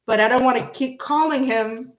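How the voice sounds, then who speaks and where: A woman talking casually at home while hosting a tarot reading. She rambles from topic to topic and breaks into hummed or sung snippets of songs. Now and then she softens her voice to coo at her cat. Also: high-pitched, moderate pace. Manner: chatty and rambling, breaks into humming and singing song snippets; talks softly and affectionately to her cat. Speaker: tarot reader and channel host. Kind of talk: casual chat on a live reading.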